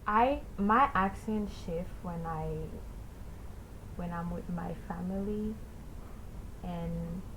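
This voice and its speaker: A young woman with a Creole-tinged accent, speaking haltingly with many restarts in a casual discussion. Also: fairly low pitch, noisy background. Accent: Haitian Creole-influenced.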